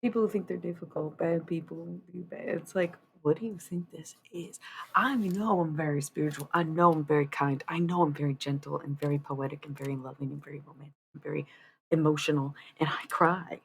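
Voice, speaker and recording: A woman chats loosely on a live stream, rambling and swearing as her volume swings from loud to hushed. Her voice sits low with a gravelly edge. A faint hiss runs under the recording. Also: steady tone, brisk. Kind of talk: casual live-stream chat.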